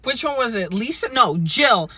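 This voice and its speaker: Animated man with a bright, dry voice. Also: extremely high pitch, moderate pace. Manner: animated, playful reactions. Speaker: podcast co-host. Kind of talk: casual chat.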